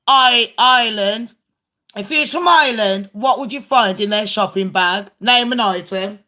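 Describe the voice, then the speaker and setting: A woman's voice: medium pitch, a little slow, pushed and bright. A woman hosting a casual livestream game with her viewers, blunt and foul-mouthed. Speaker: livestream host.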